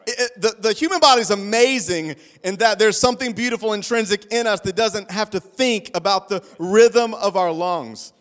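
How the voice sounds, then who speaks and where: High-pitched man, pastor preaching, impassioned, repeats phrases, reverberant hall. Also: brisk, few pauses, a bit bright. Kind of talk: sermon. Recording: long reverb of a large hall.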